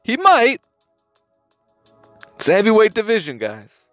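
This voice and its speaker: High-voiced emphatic man commenting. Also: wildly swooping pitch, a little slow, fairly bright tone, soft background music. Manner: emphatic slangy talk, repeats phrases, swears. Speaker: boxing news host. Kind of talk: casual commentary to camera.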